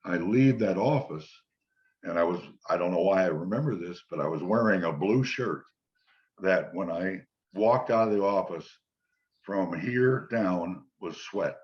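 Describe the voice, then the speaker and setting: An older man, a former football player, relaxed as he tells long anecdotes in an interview and quotes the people in them. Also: sits low, unhurried. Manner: relaxed anecdotal storytelling, quoting others. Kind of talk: storytelling interview. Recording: dull lo-fi sound.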